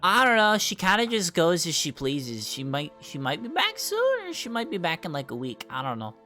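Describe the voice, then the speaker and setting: A man's voice: high voice, normal speed, soft background music, pitched above the performer's own voice, heavily acted. Man putting on eager little kobolds. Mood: unsure. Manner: excitable, childlike, chattering. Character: small eager hungry kobold creatures.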